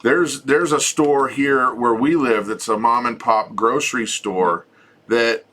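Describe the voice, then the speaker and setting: A middle-aged man with a bright, forward voice, co-hosting a home chat show. He talks in a loose, joking way and often restarts his sentences. His pitch sits in the ordinary male middle. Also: takes it slowly. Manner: chatty, relaxed, joking, frequent restarts. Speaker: co-host of a homesteading channel. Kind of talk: casual chat with viewers.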